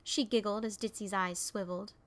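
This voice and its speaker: A woman's voice: mid-range voice, steady tone, brisk, fairly bright tone. A woman narrating a fan fiction audiobook, reading expressively and voicing its characters.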